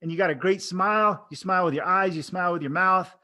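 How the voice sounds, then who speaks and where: A man's voice: high voice, fairly even intonation, fast talker, pushed and bright. A man giving casual coaching talk to camera, demonstrating expressions and vocal tones as he teaches. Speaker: oral board coach. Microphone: camera framing, speaking to camera.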